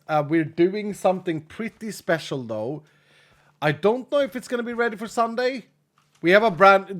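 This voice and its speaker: Chatty male streamer, slightly high voice. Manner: chatty, laughs often, talks to chat. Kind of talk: casual live-stream chat while gaming.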